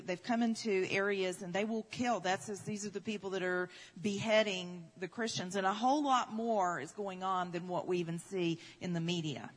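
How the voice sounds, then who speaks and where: A woman preacher telling a story in a sermon, speaking emphatically, repeating key phrases and building intensity. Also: on the low side. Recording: reverberant hall.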